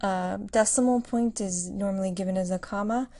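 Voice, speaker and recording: A woman teaching a Russian lesson, explaining pronunciation clearly and patiently. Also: medium pitch, moderate pace, mellow. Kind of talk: language lesson.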